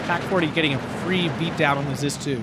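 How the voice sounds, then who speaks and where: A man casting a strategy game tournament match, excitable, laughing often and shouting at big plays, a little hoarse from talking. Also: on the high side, quick pace, heavy background noise. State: losing his voice. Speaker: tournament caster.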